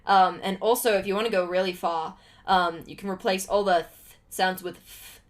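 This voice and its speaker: A woman's voice: medium pitch, steady tone, moderate pace. A young American woman chatting casually with viewers on a livestream, rambling with lots of fillers. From United States.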